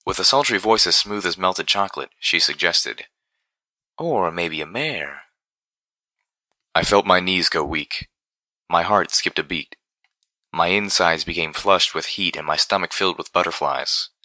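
A man narrating first-person fiction in a measured, dramatic storytelling manner. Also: low-pitched, sharp tone, dry recording. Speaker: audiobook narrator.

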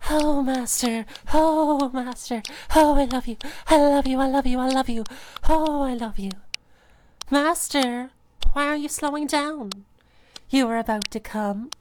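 A young woman voicing a submissive, adoring catgirl pet in an intimate audio role-play, breathy and pleading. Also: high-pitched, slow pace, slight background noise. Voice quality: breathy, sighing. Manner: pleading, devoted.

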